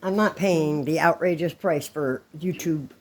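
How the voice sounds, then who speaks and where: A woman's voice: low-pitched, unhurried, darkish tone, slight background noise. A woman in her fifties reacting to a clip, blunt and scolding. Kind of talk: casual reaction chat.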